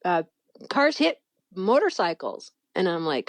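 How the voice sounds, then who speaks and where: A middle-aged woman telling a personal faith story in a casual, animated way, acting out what people said. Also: unhurried, dry recording. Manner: animated, acts out quoted voices with big pitch jumps.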